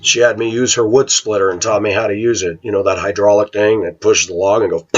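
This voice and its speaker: A man's voice: on the low side, steady tone, brisk, husky, lo-fi sound. A middle-aged man with a blunt, ranting manner, talking casually to viewers in a vlog. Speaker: vlogger.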